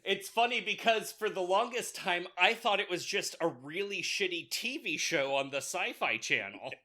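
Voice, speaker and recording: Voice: medium pitch, expressive, moderate pace, pushed and bright. A podcast co-host in casual chat, jokey and full of goofy asides.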